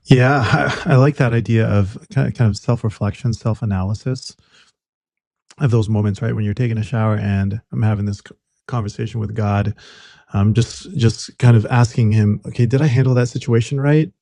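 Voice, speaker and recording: A man hosts a conversational interview, reflecting aloud and building on his guest's points while stumbling over his words now and then. His tone is mellow and dark, and it sits dry and close to the mic. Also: lowish voice, fairly even intonation, moderate pace, gravelly, dry recording. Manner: reflective, affirming, with frequent restarts. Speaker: podcast host.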